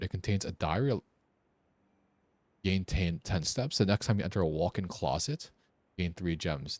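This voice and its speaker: Brief: young male streamer, low voice with lively swings, puzzling aloud, faint music behind. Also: moderate pace, pauses often, no echo. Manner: thinking aloud, puzzling over clues. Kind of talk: casual gameplay commentary.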